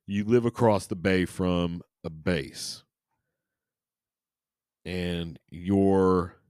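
A man's voice: sits low, steady tone, very slow, darkish tone, clear, resonant tone, dry recording, clean studio sound. A man hosting a podcast, reading aloud and chatting in a rambling, jokey way with many restarts and crude asides. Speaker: podcast host. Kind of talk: casual chat and reading aloud.

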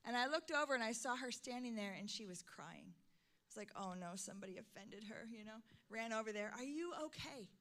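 A middle-aged woman pastor preaching a sermon, swinging from soft, intimate lines to loud, emphatic calls. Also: a little high, animated, brisk.

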